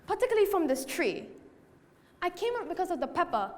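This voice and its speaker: Girl doing a sly grinning cat, high voice, teasing, theatrical, echoing hall. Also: big pitch swings, fairly quick. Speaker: student performer. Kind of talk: stage monologue performance. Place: performance hall. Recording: reverberant hall.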